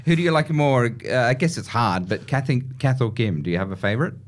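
A man's voice: mid-range voice, animated, fairly quick. A man hosting a casual radio chat, chatty and knowledgeable, often agreeing with "yeah, yeah". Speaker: radio host.

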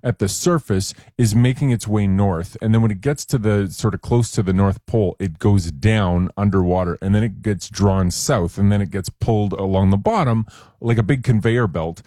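A man's voice: on the low side, moderate pace, mellow, no echo, clean studio sound. A man speaking as the science expert on a radio talk show, explaining things in a casual, chatty way with small jokes.

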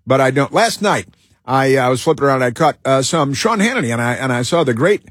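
A man's voice: mid-range voice, lively intonation, a bit bright, husky, no room sound, studio quality. A man hosting a talk show, delivering a rambling monologue full of fillers, restarts and repeated words. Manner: halting, with many fillers and restarts.

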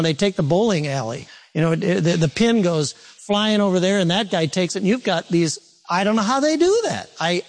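A pastor with a high-sitting voice preaches a sermon to his congregation in an animated, conversational style, repeating his points and wandering into asides.

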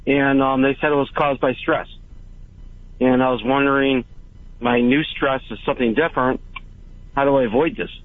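A man calling in to a radio show who speaks haltingly, with pauses and fillers between phrases. His voice comes through a tinny, narrow phone line at a middle pitch. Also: steady tone. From Hawaii. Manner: hesitant, halting, many fillers. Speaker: caller.

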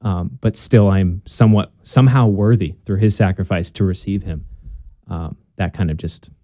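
A man's voice: low-pitched, normal speed, dark tone, no echo. A young man, a guest in a conversation, telling his story in an earnest, casual way and acting out bits of past dialogue.

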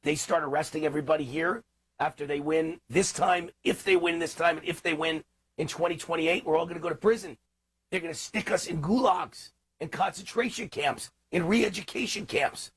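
A man's voice: fairly high pitch, normal speed, a bit bright, slightly rough. A man hosting a talk radio show, delivering an impassioned, ranting political monologue.

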